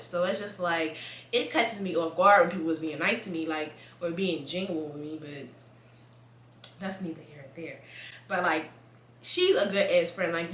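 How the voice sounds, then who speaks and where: A young woman speaking, talking straight to camera in a bright, forceful voice. She is blunt and profane and laughs often. The room is echoey, with a faint hum of ambience behind her. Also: fairly low pitch. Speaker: vlogger. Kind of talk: casual chat to camera.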